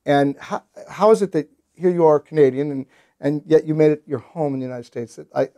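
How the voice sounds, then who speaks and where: Gravelly-voiced talk show host man. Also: fairly high pitch, a little fast, mellow. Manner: chatty, enthusiastic, repeats words when starting questions. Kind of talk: casual interview.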